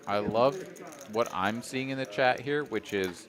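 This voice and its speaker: A man's voice: mid-range voice, a little slow. Joking male poker commentator. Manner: joking, chatty. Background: casino card room crowd.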